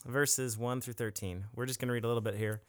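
A man's voice: medium pitch, fairly even intonation, fast, no echo. A man co-hosting a church podcast, chatting casually and thoughtfully, laughing now and then. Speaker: podcast co-host.

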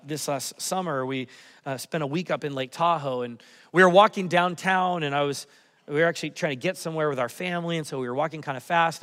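A man in his thirties preaching a sermon, his voice sitting high for a man. He tells stories, dropping to near whispers and then rising to loud, excited bursts. The sound rings with the long reverb of a church hall. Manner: storytelling, swings from soft and hushed to loud and excited. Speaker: pastor.

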